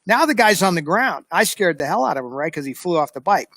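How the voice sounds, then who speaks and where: American male host, high-pitched, dry close sound, lively casual storyteller. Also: fast, dry recording. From United States. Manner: animated storyteller, lively re-enactment. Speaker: show host. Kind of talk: casual anecdote telling.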